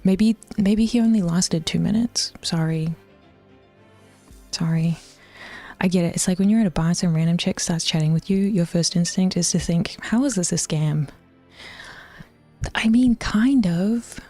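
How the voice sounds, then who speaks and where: A woman streaming herself while she works out, chatting loosely with viewers in a mellow, warm voice. She drifts into half-whispers, laughs easily and swears without a second thought. Faint music plays behind her. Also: fairly low pitch, moderate pace. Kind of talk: casual livestream chat while working out.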